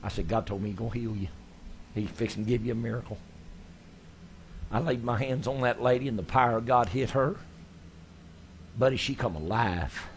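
A man's voice: medium pitch, normal speed, pauses often, slight background noise. Folksy preacher man telling stories. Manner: folksy, animated storytelling. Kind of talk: sermon storytelling.

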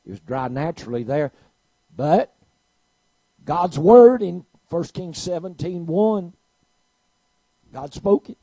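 A man preaches and retells a story, dropping low and quiet, then rising to loud calls. His voice is gravelly, husky and dark. The sound is close and dry. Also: lively intonation, slow pace, long pauses, no echo, rough recording. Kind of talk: preaching a sermon.

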